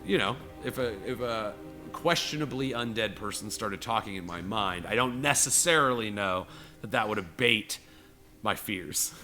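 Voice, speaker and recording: A man narrating a tabletop game as game master, animated and rambling, with many fillers. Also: lowish voice, normal speed, faint music behind.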